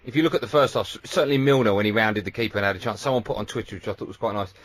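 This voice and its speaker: A man hosting a talk radio show, putting brisk, leading questions to a guest. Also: lowish voice, no room sound. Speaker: radio host.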